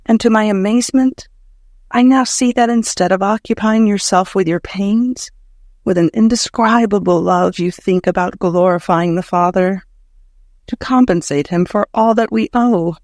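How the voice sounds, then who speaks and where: A man's voice: sits high, normal speed, darkish tone, no room sound, studio quality. A man narrating a devotional audiobook in a fervent, prayerful, emotional way.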